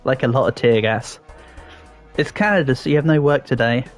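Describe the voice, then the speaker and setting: A man's voice: mid-range voice, brisk, soft background music. An Englishman with a fairly posh accent, chatting playfully with his chat while streaming a game, with lots of ums and restarts. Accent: English, fairly posh southern English. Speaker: livestreamer reading chat. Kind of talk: casual livestream chat while gaming.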